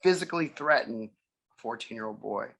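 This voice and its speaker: A man's voice: mid-range voice, expressive, normal speed, gravelly, a bit bright. Rambling man on a video call. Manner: rambling storyteller, laughs often, acts out voices. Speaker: musician guest. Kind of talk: casual video call chat.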